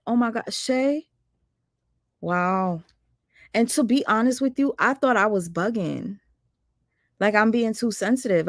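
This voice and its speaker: A woman hosting a casual livestream, talking to her viewers in an animated, indignant way. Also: on the high side, no room sound, clean studio sound. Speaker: livestream host.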